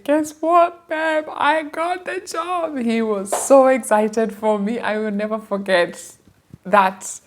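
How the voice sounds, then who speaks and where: A woman in her thirties from Kenya with a Kenyan accent, telling her life story in a casual, emotional way to her viewers. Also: mid-range voice. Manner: animated, emotional, addresses viewers as guys.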